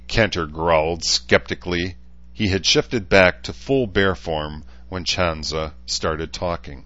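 Male audiobook narrator, low and steady, dry lo-fi sound. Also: slow, dry recording. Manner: steady storytelling. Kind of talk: scripted narration.

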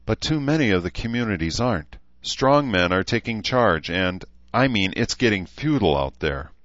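A man's voice: lowish voice, animated, normal speed, fairly bright tone, no echo, voice pushed up. Man putting on a tired, earnest woman. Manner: sighing, earnest. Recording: slightly dull recording.

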